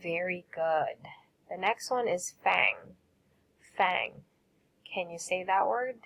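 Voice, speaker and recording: A woman's voice: fairly low pitch, a little slow, vocal fry, fairly bright tone, rough recording. A woman teacher giving a recorded lesson, patiently saying words and asking students to repeat them.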